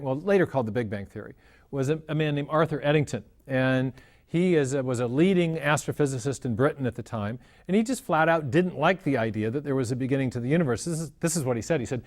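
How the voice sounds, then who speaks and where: A man with a voice of middling pitch talks through a scientific history at an even, explanatory pace. He pauses and restarts his phrases as he builds each point, in the manner of a seasoned lecturer. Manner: measured, often restarts phrases. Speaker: guest explaining cosmology. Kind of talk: explanatory lecture-style talk.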